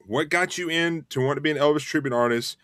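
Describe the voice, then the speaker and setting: US male host, middle pitch, dry close mic, fast and eager. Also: dry recording. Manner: rushed, energetic promo talk with fillers. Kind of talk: casual online show chat.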